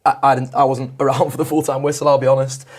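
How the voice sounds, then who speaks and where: A man on a football podcast panel, reasoning through his view earnestly in casual chat. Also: mid-range voice. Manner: fast, flat, earnest reasoning.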